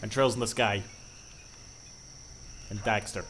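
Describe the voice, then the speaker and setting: A man's voice: on the low side, steady tone, measured pace, fairly bright tone, soft background music. A man with a Scottish accent, rambling playfully and swearing as he streams a game. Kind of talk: casual gaming commentary.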